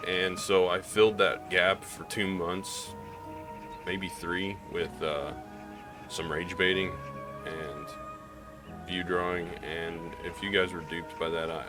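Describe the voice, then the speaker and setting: Low-voiced man with a slight Southern drawl. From Missouri, US Midwest. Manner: rambling, candid, with many restarts and fillers. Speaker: gaming YouTuber. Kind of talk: casual gaming vlog commentary.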